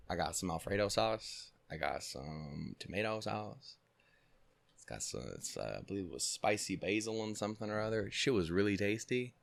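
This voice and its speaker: Low-voiced man rambling over gameplay. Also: vocal fry, fairly bright tone, no room sound. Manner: rambling, joking, swearing a lot. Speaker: let's play host. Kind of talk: casual gameplay commentary.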